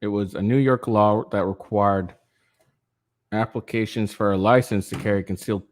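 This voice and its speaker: A tired, foul-mouthed man hosts a political commentary channel, casually reading a news article and ranting about it. His lowish, steady voice moves at normal speed, rambling with lots of fillers and restarts, in clean studio sound with no room echo.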